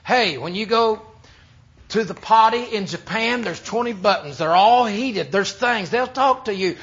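Male preacher, emphatic sermon, slightly high voice, muffled lo-fi audio. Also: lively intonation, unhurried. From United States. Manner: emphatic pulpit delivery, swinging between loud and hushed. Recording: dull lo-fi sermon recording.

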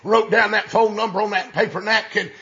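Preacher man, folksy storytelling sermon, high gravelly voice, sharp tone, dull lo-fi recording. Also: steady tone. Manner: folksy, drawn-out, builds to shouted exclamations.

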